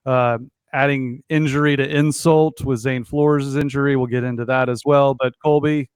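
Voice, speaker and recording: A man, hosting a casual sports podcast over a remote call in a relaxed, conversational way. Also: mid-range voice, moderate pace, clear, resonant tone, no echo. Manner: conversational, relaxed with occasional fillers. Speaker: podcast host.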